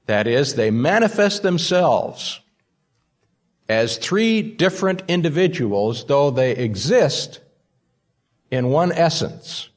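A man's voice: a little high, big pitch swings, takes it slowly. A man preaching a sermon, stressing key words by repeating them. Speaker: pastor.

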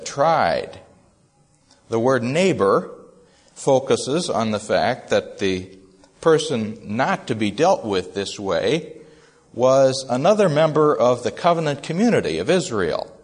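Man, preacher, sermon, very slow pace, measured, deliberate pauses. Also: mid-range voice. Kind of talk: expository sermon.

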